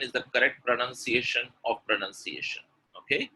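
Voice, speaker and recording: A man's voice: mid-range voice, lively intonation, normal speed, pauses often, pushed and bright, a little hiss or hum, rough recording. A man teaching pronunciation in a live webinar, quizzing the audience with word pairs and praising their answers. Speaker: English pronunciation coach.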